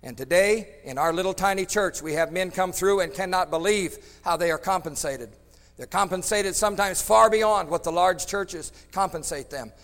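A man preaching a storytelling sermon, swinging between loud emphatic bursts and hushed tones. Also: high voice, moderate pace, big-room sound.

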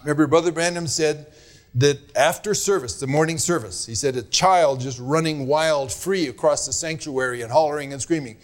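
A man preaching a sermon as pastor, earnest and admonishing, leaning hard on his key words. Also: fairly high pitch. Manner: earnest, admonishing, drawn-out emphasis.

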